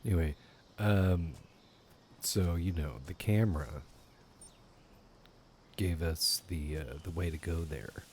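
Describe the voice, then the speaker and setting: Deep, slow-talking gaming commentator man. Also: slight background noise. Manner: rambling, swears casually, laughs at himself. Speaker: gaming YouTuber. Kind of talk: casual let's play commentary.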